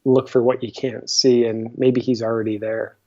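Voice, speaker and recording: Relaxed wry guy being interviewed, warm mellow voice, muffled lo-fi sound. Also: medium pitch, normal speed. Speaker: guest. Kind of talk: casual interview chat. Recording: dull lo-fi audio.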